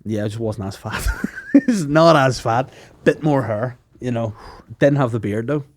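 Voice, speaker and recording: A man's voice: mid-range voice, a little slow, no echo. A man with a Northern Irish accent, a podcast guest trading crude, laughing banter in casual chat.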